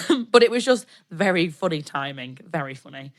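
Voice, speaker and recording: Animated British woman telling a larp story. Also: on the low side, normal speed. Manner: animated storyteller, laughs often, acts out quotes. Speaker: podcast co-host. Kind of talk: casual chat recounting a larp event.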